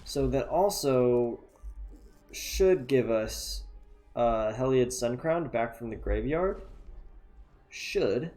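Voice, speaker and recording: A man talks through his card game in a relaxed, mellow voice, thinking aloud and poking fun at himself. He sounds tired and yawns now and then. Soft music plays faintly behind him at his desk mic. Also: medium pitch, slow pace. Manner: chatty, self-mocking, thinks aloud. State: tired and yawning. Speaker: gameplay commentator. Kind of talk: casual gameplay commentary.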